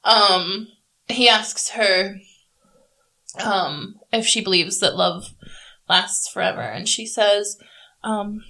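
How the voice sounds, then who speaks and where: A woman's voice: mid-range voice, fairly even intonation, slow, long pauses, bright, forceful tone, poor audio. A woman co-hosting a casual movie review podcast, chatty and giggly, with lots of "like" fillers. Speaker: podcast co-host. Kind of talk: casual chat.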